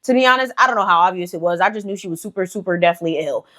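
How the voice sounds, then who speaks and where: A woman's voice: on the low side, rapid-fire, pushed and bright. A young woman hosting a casual storytelling vlog, chatty, swearing freely and leaning on fillers like "you know". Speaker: storytime channel host.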